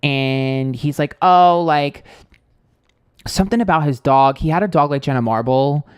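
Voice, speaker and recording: A man's voice: mid-range voice, a little fast, darkish tone, clean tone, dry recording, studio quality. A young man hosting a tarot livestream, telling a date story in a blunt, sarcastic, gossipy way with plenty of fillers. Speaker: tarot reader and livestream host.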